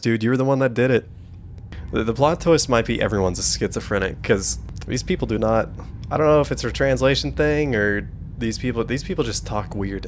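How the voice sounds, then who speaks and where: A man's voice: mid-range voice, slight background noise. A young man streaming a horror game, giving casual, wry commentary and joking about what happens on screen.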